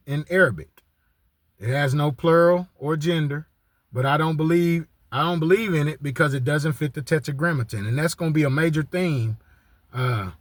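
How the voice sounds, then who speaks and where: A man's voice: medium pitch, no echo. A man teaching in a casual monologue, restarting phrases and checking in with his listeners again and again. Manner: repeats "all right" as a check-in, many restarts. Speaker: religious teacher.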